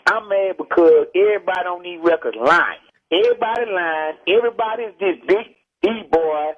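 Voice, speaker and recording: A man from Texas, lecturing forcefully and bluntly in a heated radio interview. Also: sits high, animated, normal speed. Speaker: rapper interviewed by phone. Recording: muffled archival phone call.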